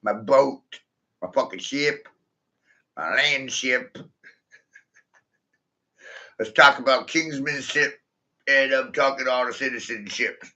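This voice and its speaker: A man's voice: medium pitch, slow, long pauses, pushed and bright. A man in a rambling, profane monologue, stringing rhyming wordplay together and laughing at his own jokes, recorded in his vehicle. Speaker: vlogger. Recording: dull lo-fi sound.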